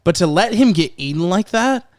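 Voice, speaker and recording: Animated man in a dry room. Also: high voice, normal speed, no room sound. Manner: animated, swearing, acts out movie lines. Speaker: film podcast host. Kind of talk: casual chat.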